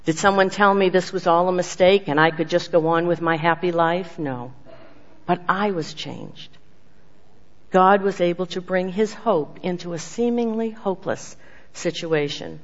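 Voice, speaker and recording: An earnest speaker giving a sermon with personal testimony, swinging from emphatic lines to hushed ones. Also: medium pitch, moderate pace. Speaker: speaker giving a devotional message. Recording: dull lo-fi sound with long hall reverb.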